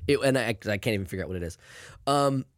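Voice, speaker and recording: A man's voice: fairly low pitch, rapid-fire, dry recording, clean studio sound. A man co-hosting a casual podcast, rambling and swearing freely as he tells stories. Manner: animated, rambling, swears often. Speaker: podcast co-host.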